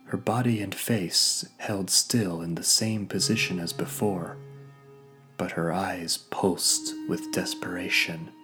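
Slow, deep-voiced male story narrator. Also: fairly even intonation. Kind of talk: scripted first-person audiobook narration. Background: faint background music.

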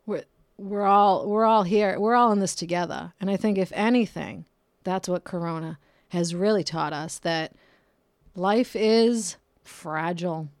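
Lower-pitched woman hosting a chatty solo podcast. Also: measured pace, no echo, studio quality. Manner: animated, voice swings up and down, jokey asides. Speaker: podcast host. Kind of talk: casual solo podcast monologue. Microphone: close podcast microphone.

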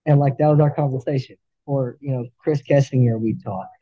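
A man speaks earnestly as a podcast guest, restarting his sentences as he works through his thoughts. His voice is very dark and husky. The recording is dry and a bit dull. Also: mid-range voice, steady tone, no echo. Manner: earnest, halting, many restarts. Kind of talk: candid interview talk.

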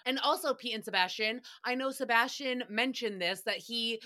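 Young woman, podcast recap host: bright, a bit high, sarcastic profane ranting. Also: normal speed. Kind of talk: solo comedic rant.

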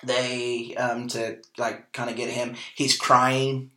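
A man in his forties, from Kansas, tells a personal story on a podcast in a bright, forceful voice of middle pitch. He is animated, acts out what others said, and fills his pauses with ums and likes. The room gives his voice a lively echo. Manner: animated storyteller, acts out quoted dialogue, frequent fillers. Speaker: podcast host. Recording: echoey room.

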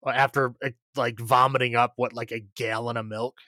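Male podcast co-host, mid pitch, dry close mic, rambling recap full of fillers and chuckles. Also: level tone, normal speed, pushed and bright, no echo. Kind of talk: casual movie recap chat.

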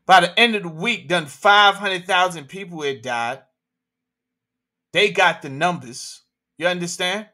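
A man's voice: high-pitched, a little slow, bright, forceful tone. A man hosting a livestream, talking in an emphatic, slangy way full of rhetorical questions. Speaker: livestream host. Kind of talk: animated opinion talk.

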